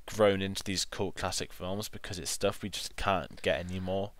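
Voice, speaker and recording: Deep-voiced man, eager film chat. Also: steady tone, fairly bright tone, no room sound. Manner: enthusiastic, halting with repeated words. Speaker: film club co-host. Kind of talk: casual film review chat.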